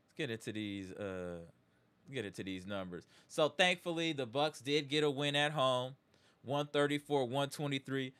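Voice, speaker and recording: A man's voice: mid-range voice, a little slow, a bit bright, clean tone. A man hosting a live sports reaction stream, ranting emphatically with slang and repeated catchphrases before settling into a game breakdown. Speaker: sports talk show host.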